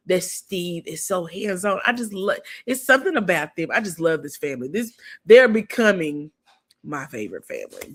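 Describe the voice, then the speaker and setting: A woman's voice: deep voice, fairly bright tone. A woman reviewing a reality TV episode in a casual recap, talking loosely with frequent fillers and restarts.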